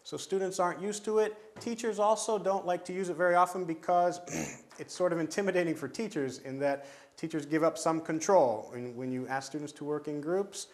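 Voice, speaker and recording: Man, lecturing teachers, somewhat higher pitch, measured, explanatory, restarts phrases. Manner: measured, explanatory, frequent restarts and throat clearing. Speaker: teacher trainer.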